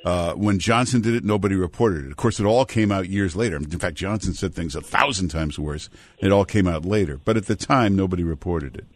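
A man's voice: sits low, fairly quick. A male radio talk show host taking calls, blunt and opinionated, wandering into asides. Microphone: studio microphone.

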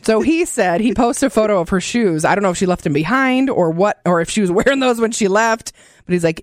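A man co-hosting a radio show, running through celebrity gossip with a teasing, laughing edge. His pitch leaps around animatedly, and the studio mic sounds dry and close. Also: expressive, fairly quick, no room sound. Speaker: radio co-host, entertainment news. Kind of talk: casual on-air banter and gossip news.

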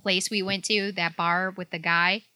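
A woman's voice: on the low side, flat delivery, measured pace, bright, forceful tone, clean tone, no echo. A woman in casual chat who jokes and mocks other people's lines. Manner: joking, mocking others' words in quoted voices.

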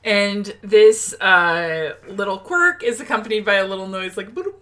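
A woman co-hosting a casual movie chat, sarcastic and quick to laugh. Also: medium pitch. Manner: animated, laughing, sarcastic asides. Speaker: podcast co-host.

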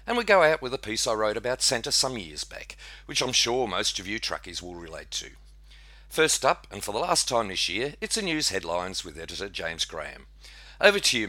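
A jovial man hosting a podcast with a cheeky streak, his low voice bright and forward. He rises and falls in a lively way, recorded dry and close. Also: no echo. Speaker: podcast host. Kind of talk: podcast hosting and rhyming poem reading.

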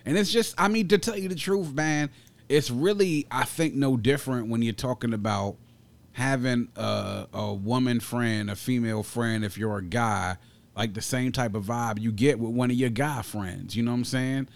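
A man's voice: mid-range voice, normal speed, creaky. Reflective male podcast co-host. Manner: reflective, thinks aloud with fillers. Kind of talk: casual chat.

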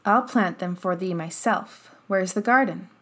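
A woman's voice: mid-range voice, fairly bright tone. Woman doing an easygoing Yorkshire moor boy. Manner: easy, unhurried dialect speech.

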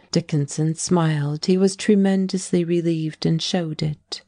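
A woman reads a classic novel aloud in a deep, low register. Her delivery is slow and measured. The recording is dry and close. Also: fairly even intonation, dark tone, no room sound. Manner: measured, unhurried literary reading. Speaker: audiobook narrator. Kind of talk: audiobook reading of a classic novel.

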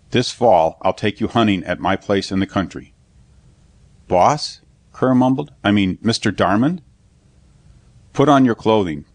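A man's voice: fairly low pitch, no echo. A man reading a science fiction audiobook aloud as narrator, giving the dialogue light voices. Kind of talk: scripted narration.

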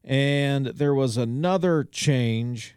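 A man's voice: mid-range voice, takes it slowly, darkish tone, smooth, no room sound. A man hosting a local talk radio show, reading headlines and commenting in a conversational way with wry asides. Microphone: studio microphone. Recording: dry studio sound.

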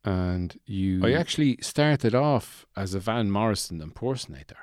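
A man's voice: fairly low pitch, animated, moderate pace, a little mellow, no echo, studio quality, natural voice. A man voicing a deluded, gloomy man who lives in a shed, rambling in a meandering, self-pitying yet chirpy way.

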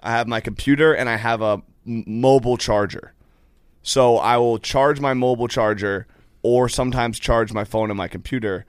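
A man's voice: medium pitch, steady tone, moderate pace, clear, resonant tone, no echo, clean studio sound. A young man on a podcast, defending himself and rambling through a story about his phone charger. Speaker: podcast regular. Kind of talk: casual chat.

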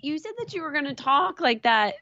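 A woman's voice: sits high, big pitch swings, a little fast, pushed and bright, no room sound, dull audio. A woman co-hosting a podcast with her husband, laid-back and teasing, peppering her talk with "like". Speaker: podcast co-host. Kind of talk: casual chat.

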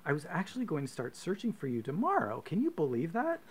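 A man's voice: a little high, huge pitch swings, fast talker, breathy edge, pitched above the performer's own voice, heavily acted. A man voicing an overjoyed, sentimental father in a comic podcast story. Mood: gushing. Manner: effusive, sentimental. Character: overjoyed, gushing middle-aged father.

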